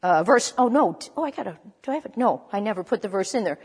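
A woman's voice: medium pitch, lively intonation, quick pace, breathy edge, long reverb tail. A woman preaching a sermon in a conversational way, stopping to correct herself as she goes. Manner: conversational, with restarts and self-corrections.

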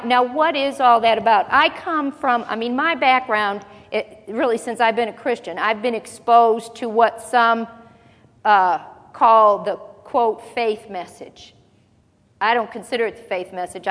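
A woman preaching a sermon, talking with the congregation and asking them questions, and slowing down to read scripture aloud. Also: on the high side, long reverb tail. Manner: conversational, asks the congregation questions. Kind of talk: sermon Bible teaching.

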